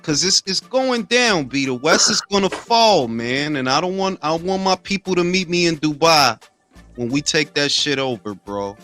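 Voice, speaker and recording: A man with a bright, lively voice riffs loudly through casual boxing talk, full of profane jokes. His pitch sits a little high. Faint music plays underneath. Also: normal speed. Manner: loud, joking, profane banter.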